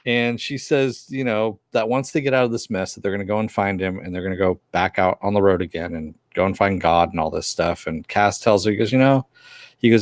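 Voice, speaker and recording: In a lowish voice that runs a little fast, this man co-hosts a relaxed TV episode review podcast, retelling scenes and briefly performing the characters' dialogue. It's studio-quality audio without any room sound.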